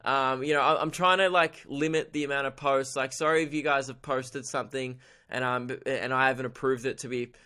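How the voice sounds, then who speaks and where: A man's voice: medium pitch, steady tone, a little fast, hardly any pauses, sharp tone, clear, resonant tone. A man with an Australian accent hosting his own comedy podcast, rambling irreverently and laughing at his own jokes. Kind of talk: solo comedy podcast monologue.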